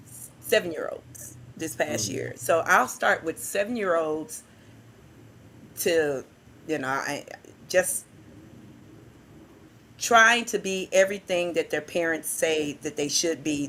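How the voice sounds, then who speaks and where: A woman who works with youth, telling animated stories in a casual podcast chat and acting out the voices she quotes. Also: fairly low pitch, a little hiss or hum. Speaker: youth worker and guest.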